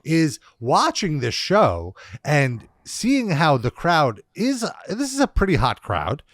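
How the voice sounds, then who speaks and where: A man co-hosting a podcast in casual chat, breaking down what he watched with lively, quick asides. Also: a little high, dry recording. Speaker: podcast co-host.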